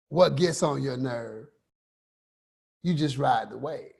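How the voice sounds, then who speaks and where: A man giving a motivational talk as a coach, emphatic, with repeated rhetorical questions and slow stressed phrases. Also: mid-range voice, gravelly, darkish tone, breathy edge. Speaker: finance and life coach host.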